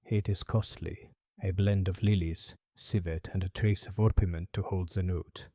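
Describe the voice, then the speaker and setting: A smooth, calculating French perfumer, voiced by a man in an audiobook mystery. He speaks with a French accent in a low, mellow tone, polite but guarded. The recording is dry and close. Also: fairly even intonation, normal speed, no echo. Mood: suave. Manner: suave, polite, evasive. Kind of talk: audiobook character voice.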